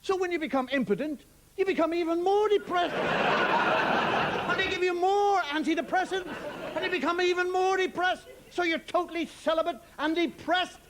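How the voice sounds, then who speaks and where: A man's voice: extremely high pitch, normal speed. An Irish man doing a stand-up routine on television, musing wryly and swearing casually as he talks. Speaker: stand-up comedian. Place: television studio with live audience. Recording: broadcast audio with audience laughter and noise. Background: audience laughter.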